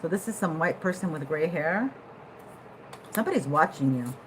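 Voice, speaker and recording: A woman giving a casual tarot reading to her viewers, animated, at times laughing and jumping from quiet musing to loud excited bursts. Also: deep voice, moderate pace, a little hiss or hum, low-quality recording. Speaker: tarot reader.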